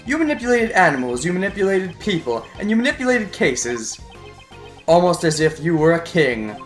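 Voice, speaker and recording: A man's voice: sits high, very animated, moderate pace, soft background music. A man voicing a composed male prosecutor who makes cool, cutting declarations. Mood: accusing.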